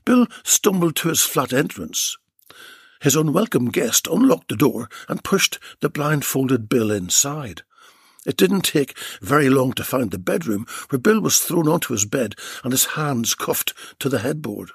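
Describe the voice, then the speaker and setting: A man's voice: medium pitch, very animated, unhurried, creaky, slightly rough, no room sound, studio quality. A man narrating a story chapter in a wry, dramatic reading style.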